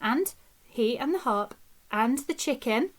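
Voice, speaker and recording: A woman telling a children's story in an expressive, dramatic way. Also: a little high, a little slow, slight background noise. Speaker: nursery teacher storyteller.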